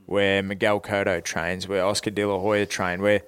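A young Australian man with a clean, smooth voice, recorded close and dry. He tells stories casually and swears freely, scattering fillers as he goes. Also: deep voice, little pitch movement, moderate pace, a bit bright, no room sound. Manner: laid-back, swears freely, many fillers. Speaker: guest, professional boxer. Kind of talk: casual storytelling on a podcast.

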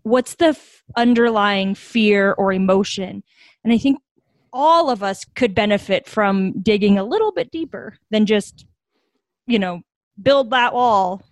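A woman's voice: mid-range voice, a little slow, no room sound. A young woman, a nonprofit founder from the United States, telling stories earnestly and reflectively in a podcast interview. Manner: earnest, reflective, animated when quoting others.

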